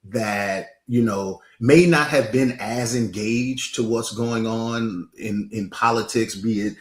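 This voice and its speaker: A man appearing as a guest candidate, talking in an animated, teasing way and often repeating himself. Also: fairly low pitch, slow pace, echoey room. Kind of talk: casual chat.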